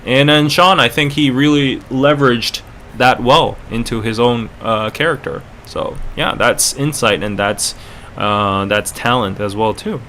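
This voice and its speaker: A young Korean man hosts a casual live stream with a clean North American accent learned in Canada. His voice is bright and forward, and he rambles through restarts and fillers like "you know" and "like". Faint noise sits under the recording. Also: mid-range voice, steady tone, measured pace. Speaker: podcast host and streamer.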